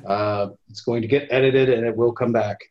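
Guy on a podcast call, halting, kinda muffled lo-fi sound. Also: mid-range voice, fairly even intonation. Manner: soft-spoken, hesitant. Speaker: podcast guest. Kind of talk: casual group chat. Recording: dull lo-fi call audio.

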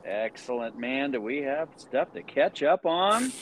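A man's voice: medium pitch, lively intonation, measured pace, slight background noise. A man hosting a sports podcast in casual, teasing chat, laughing often. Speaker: podcast host.

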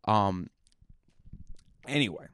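A man's voice: fairly low pitch, animated, takes it slowly, fairly bright tone, clean tone, dry recording, clean studio sound. A male stand-up comedian talking through a casual podcast monologue, chatty and rambling, with plenty of restarts and fillers.

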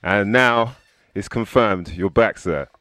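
A man's voice: lowish voice, slow pace, fairly bright tone, dry recording, clean studio sound. A man co-hosting a podcast, talking in a laid-back, slangy way and laughing easily. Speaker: podcast co-host. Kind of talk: casual interview chat.

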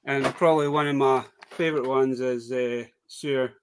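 A man's voice: medium pitch, fairly even intonation, moderate pace, a little hiss or hum. A man with a Scottish accent chatting casually on a podcast, listing items one after another. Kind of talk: casual chat.

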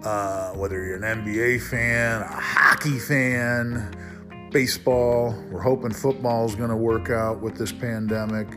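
A man's voice: fairly low pitch, fairly even intonation, measured pace, over music. A man hosting a casual solo podcast, rambling and frank, swearing when he gets worked up. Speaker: podcast host.

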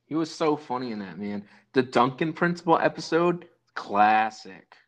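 A man co-hosting a casual comedy chat, rambling and halting as he talks. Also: mid-range voice, expressive. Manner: rambling, halting, self-correcting. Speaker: podcast co-host.

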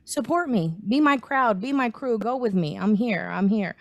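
A woman's voice: fairly high pitch, normal speed, dry recording, dull audio. A woman hosting a casual chat, talking in an encouraging way and acting out inner voices. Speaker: host.

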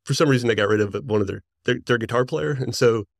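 Male guest, 40s, rambling excited storyteller, dry recording. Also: mid-range voice, fast talker, creaky, no echo. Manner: excited, rambling, laughs often. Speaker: interview guest, musician. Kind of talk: casual storytelling.

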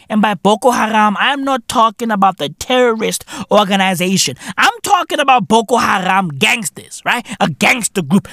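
A young South African man hosting a podcast, ranting in a casual, profane, comedic way with shouting and laughter. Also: extremely high pitch, no room sound, studio quality. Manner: animated, profane, bursts into loud laughter and shouting. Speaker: podcast host.

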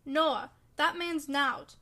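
A woman voicing a gruff old male servant with a Yorkshire dialect, loud, slow and emphatic. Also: high voice, steady tone, heavily acted. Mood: gruff scolding. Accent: Yorkshire dialect, put on.

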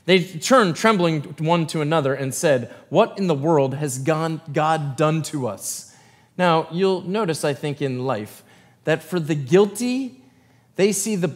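Pastor with a raised voice in a reverberant hall. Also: male voice, a little high. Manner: reads scripture, then breaks into loose conversational asides. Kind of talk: sermon with scripture reading. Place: church sanctuary.

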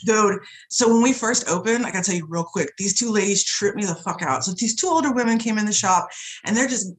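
Animated, foul-mouthed woman telling stories. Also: mid-range voice, brisk. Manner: animated, profane, swears freely. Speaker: guest, shop owner. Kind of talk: casual storytelling chat.

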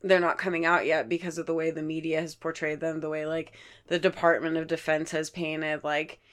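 A woman's voice: deep voice, level tone, a little fast. A young woman co-hosting a podcast, talking in slangy, laid-back casual chat full of fillers. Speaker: podcast co-host.

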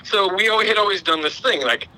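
A man's voice: sits high, expressive, quick pace, pushed and bright, low-quality recording. A middle-aged man, telling a long, rambling, self-deprecating story in casual podcast chat. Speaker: podcast co-host.

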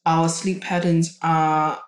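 A woman's voice: deep voice, level tone, slow pace. A woman, co-hosting a casual podcast as a chiropractor, chatty and often repeating her co-host's words. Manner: chatty, echoes the co-host's words, many restarts. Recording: roomy echo.

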